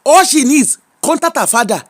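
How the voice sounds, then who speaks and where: A man's voice: extremely high pitch, animated, normal speed. A man with a Yoruba-inflected Nigerian accent, giving preachy, emphatic advice in casual commentary and mixing in Pidgin. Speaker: social media commentator.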